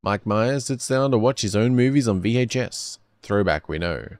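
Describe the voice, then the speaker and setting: A man's voice: fairly low pitch, moderate pace, dry recording. A man streaming casually, rambling and correcting himself as he reacts to videos. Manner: rambling, self-correcting, lively.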